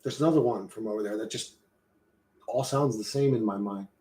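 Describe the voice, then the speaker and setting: A man's voice: on the low side, brisk, mellow. Man with a roomy echo, swearing casually. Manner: rambling, profane, slangy. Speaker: streamer reading and answering chat. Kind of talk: casual livestream chat.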